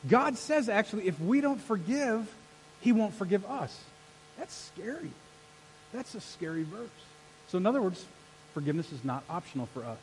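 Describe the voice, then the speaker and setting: Male pastor, higher voice, lively sermon delivery that pulls the room into call-and-response, faint hum behind. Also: moderate pace, rough recording. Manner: energetic, rallies the congregation with call-and-response. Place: church sanctuary.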